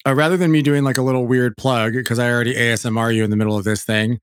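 A man hosting a podcast, talking in an animated, chatty way that keeps breaking off and restarting. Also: medium pitch, racing, smooth, no room sound, clean studio sound. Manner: animated, self-interrupting, chatty. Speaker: podcast host. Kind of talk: casual chat.

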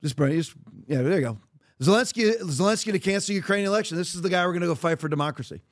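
A man's voice: sits high, fast. A man hosting a podcast, giving blunt, emphatic political commentary in a rambling way with frequent restarts. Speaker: podcast host.

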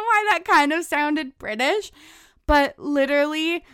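A woman's voice: high voice, lively intonation, unhurried, a bit bright, no room sound, studio quality. A young adult woman hosting a podcast in casual chat, laughing often and swearing freely. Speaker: podcast host.

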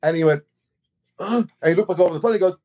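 A man from Australia tells a long personal story in an easy, conversational way. He talks in an animated manner, repeating words and restarting as he goes. His voice sits a little above the usual pitch for a man. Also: rapid-fire. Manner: animated, repeats words, laughs while telling. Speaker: guest storyteller. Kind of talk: casual storytelling.

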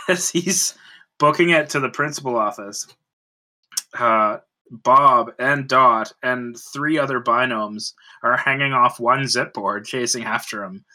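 A man's voice: medium pitch, slow pace, pushed and bright. A man co-hosting a casual podcast, laid-back and laughing often with hesitant fillers. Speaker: podcast co-host. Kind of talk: casual chat.

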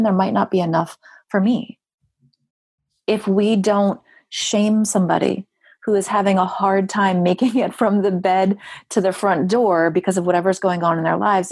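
Husky, emphatic woman guest speaking earnestly. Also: no room sound. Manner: earnest, emphatic, rhetorical, jumps high for inner-voice asides. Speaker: grief writer and guest. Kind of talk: podcast interview talk.

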